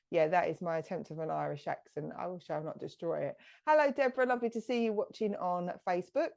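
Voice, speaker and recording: A woman, a medium hosting a live stream, chatting brightly and greeting viewers by name. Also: medium pitch, expressive, moderate pace, few pauses.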